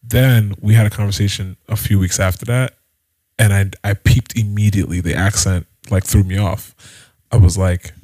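A man's voice: fairly low pitch, steady tone, moderate pace, warm tone, no room sound. A young man co-hosting a podcast, telling stories in laid-back casual banter. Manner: laid-back, laughs often. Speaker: podcast co-host.

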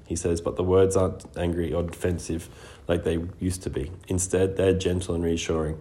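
Steady male audiobook narrator, deep and mellow. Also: fairly quick, hardly any pauses, a little hiss or hum. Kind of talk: scripted first-person narration.

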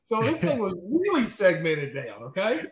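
A man guest in an interview, telling stories in a lively, chatty way and often checking in with "okay?" and "right?". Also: high-pitched, normal speed, roomy sound. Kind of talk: casual storytelling in an interview.

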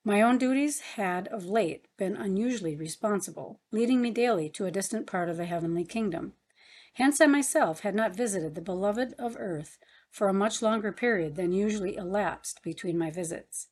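A woman narrating a story in a measured, earnest reading voice. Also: mid-range voice, a little mellow. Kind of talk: audiobook narration.

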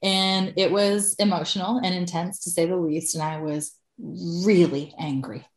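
Woman, thirties, lowish voice, candid storyteller, swears and laughs freely, roomy echo. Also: fairly even intonation, unhurried. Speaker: podcast guest.

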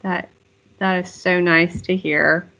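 Lady host, lowish bright voice, encouraging questions. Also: steady tone, takes it slowly, creaky. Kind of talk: interview.

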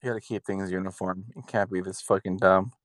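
A man's voice: deep voice, fairly even intonation, brisk, no room sound. A man from California ranting in casual, heavily profane chat over a video call. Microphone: video call over the internet.

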